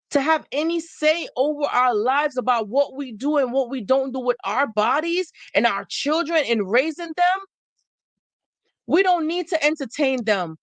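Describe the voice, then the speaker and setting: A woman's voice: sits high, no echo. A woman hosting a live stream, talking in an emphatic, preachy way and repeating phrases for effect. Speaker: livestream host. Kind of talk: motivational live talk to viewers.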